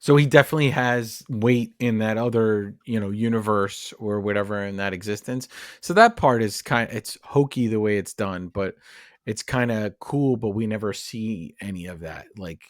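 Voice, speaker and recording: A man's voice: fairly low pitch, moderate pace, dry recording, clean studio sound. A man co-hosting a podcast, chatting about a film and its comic roots in a loose, opinionated way. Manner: chatty, opinionated, many fillers. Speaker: podcast co-host. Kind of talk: casual film discussion.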